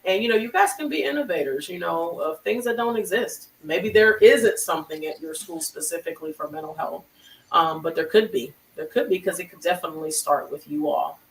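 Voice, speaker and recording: Therapist host: bright, forceful voice, emotional and encouraging, on a video call with a distant mic in a roomy space. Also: medium pitch, fairly quick. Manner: effusive, emotional, faith-filled encouragement. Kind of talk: warm encouraging closing remarks on a live web show.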